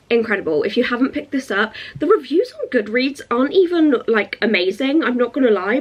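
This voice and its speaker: A young woman, chatting excitedly in a casual reading vlog. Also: a little high. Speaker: book vlogger.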